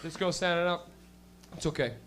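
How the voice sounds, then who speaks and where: A man hosting a small stand-up show, doing crude, rambling bits about fast food and working the crowd. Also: on the high side, fairly bright tone, a little hiss or hum. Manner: crude, rambling, swears a lot. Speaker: comedy show host and comic. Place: small comedy venue with a live audience.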